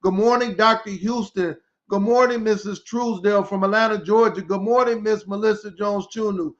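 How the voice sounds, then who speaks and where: Man, high voice, energetic live podcast host, repeats himself, hypes the audience, slightly dull lo-fi audio. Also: moderate pace. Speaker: podcast host, school turnaround specialist. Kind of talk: live-stream podcast greeting viewers.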